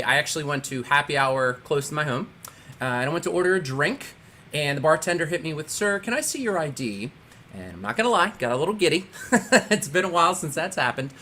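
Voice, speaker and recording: A man in his thirties doing a stand-up comedy set over a video call, telling stories with big acted-out shouts. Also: a little high, fairly quick, a little hiss or hum. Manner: animated storytelling with loud acted-out shouts.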